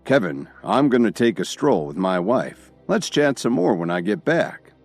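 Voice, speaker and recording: A man's voice: on the low side, sing-song, gravelly, soft background music, pitched above the performer's own voice, exaggerated voice. A man voicing a rich, hot-tempered boss. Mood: calm. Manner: commanding, quick to shout. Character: wealthy hot-tempered man, desperate for his wife.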